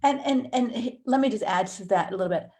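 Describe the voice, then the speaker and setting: Animated woman teaching with pitch leaps. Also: fast talker. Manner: animated, acts out inner thoughts with big pitch jumps. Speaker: Christian counselor teaching a course module. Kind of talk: conversational teaching.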